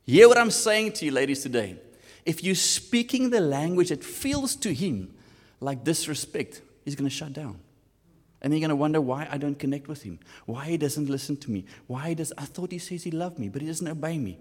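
A man with a South African accent preaching a sermon, animated and switching between English and Afrikaans. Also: a little high, moderate pace, long reverb tail. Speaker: pastor.

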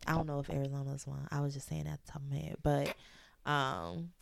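A young woman co-hosting a casual podcast, animated and self-mocking. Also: sits low, fast, vocal fry, slight background noise. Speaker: podcast co-host. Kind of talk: casual chat.

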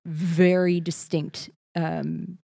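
Woman from Texas, casual chat, rapid and animated; gravelly, low register. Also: a crowd in the background. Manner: fast-talking, animated, many fillers.

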